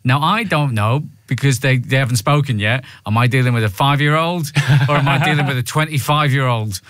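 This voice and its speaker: Halting radio host, dry studio. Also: male voice, medium pitch, a bit bright, no echo. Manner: halting, repeats words, self-mocking. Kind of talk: casual radio banter.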